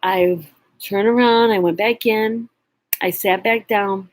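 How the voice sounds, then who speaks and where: A woman's voice: medium pitch, fairly even intonation, slow, poor audio. A middle-aged woman vlogger telling a personal story, earnest and emotional, sometimes dropping to near whispers.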